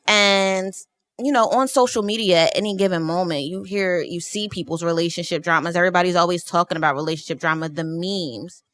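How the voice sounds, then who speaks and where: A woman's voice: fairly low pitch, brisk, a bit bright. A woman from New Jersey, a podcast guest in a studio, chatting casually and often laughing as she talks.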